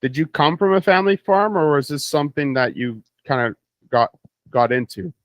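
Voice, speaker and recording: A man's voice: a little high, moderate pace, dry recording. Easygoing young Canadian man interviewing. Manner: easygoing, joking interviewer with frequent agreement. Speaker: podcast co-host. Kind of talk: casual chat.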